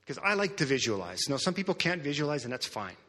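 An earnest male pastor preaches, moving between hushed passages and raised, emphatic ones. His voice is bright and forceful with a husky edge. He is heard in a church with a long, ringing reverb. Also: a little high, sing-song, quick pace. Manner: earnest, repeats words, swings from soft to loud. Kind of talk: sermon storytelling.

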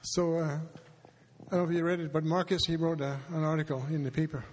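A man, a pastor, speaking to his congregation in a halting, emotional way with touches of humor. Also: on the high side, fairly even intonation, a little hiss or hum. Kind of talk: heartfelt address to congregation. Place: church sanctuary. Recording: long reverb of a large hall.

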